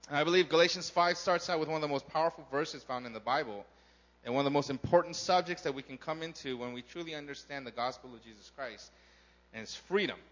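A man's voice: a little high, fast talker, fairly bright tone, highs cut off. A man preaching a sermon to his congregation, talking casually and often asking the crowd questions. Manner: conversational, asks the crowd questions. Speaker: pastor. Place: church in Korea.

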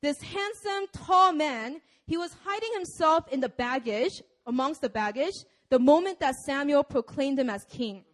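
High-voiced young woman preaching casually. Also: expressive, moderate pace, hardly any pauses. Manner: casual and conversational, laughs often. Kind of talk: sermon.

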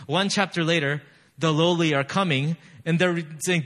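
A pastor with a voice on the high side, a bit bright, speaks at a normal speed through a conversational sermon. As he reads scripture aloud, his emphasis builds, and "you know" and other fillers come up frequently.

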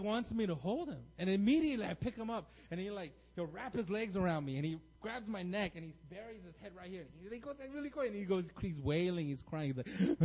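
A man in his thirties preaching a sermon, telling stories with lots of energy and checking in with the crowd by asking "right?". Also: high voice. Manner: animated storytelling, frequent "right?" tags. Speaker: pastor. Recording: dull lo-fi recording.

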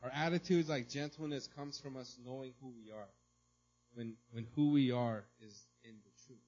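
A man preaching a sermon as a pastor, in a conversational way, often checking in with "right?" and now and then breaking into loud mimicry. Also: medium pitch, fairly even intonation, normal speed, dull audio.

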